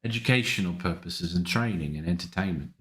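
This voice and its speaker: A man's voice: sits low, fairly quick, a bit bright. A man putting on a bad English accent to voice a fake, overly formal company caller. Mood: polite. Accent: put-on bad English accent. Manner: overly formal, courteous phone manner. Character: fake polite male company caller named Nigel.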